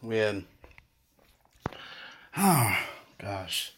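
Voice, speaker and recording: A young man talking through an unscripted voice note monologue, sighing and laughing, with sudden loud outbursts between muttered asides. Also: fairly low pitch, sing-song, very slow, slight background noise. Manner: emotional, swinging from muttered sighs to loud outbursts; sighs and laughs often, says "girl" a lot. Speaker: podcast host.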